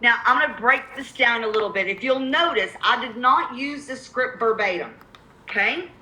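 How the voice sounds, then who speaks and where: A woman's voice: on the high side, moderate pace, bright, forceful tone, echoey room, poor audio. A woman with a Southern accent coaching real estate investors on cold calls in a live webinar, emphatic and repeating her key points.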